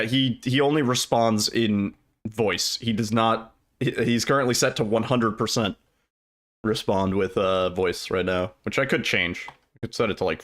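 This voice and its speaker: A man's voice: lowish voice, fairly bright tone. A man streaming a speedrun, chatting casually and rambling as he answers his chat, with some casual swearing. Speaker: livestreamer and speedrunner.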